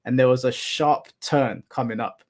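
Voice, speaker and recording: A man's voice: mid-range voice, moderate pace. A young adult man hosting a live stream, chatting casually with viewers and telling rambling anecdotes with casual swearing.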